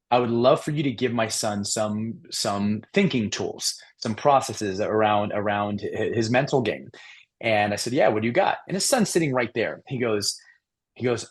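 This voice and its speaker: A middle-aged man speaking in an interview, with a voice of ordinary pitch. He talks earnestly about his coaching work and acts out quoted voices as he tells stories. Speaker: mental performance coach, guest. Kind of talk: conversational storytelling interview.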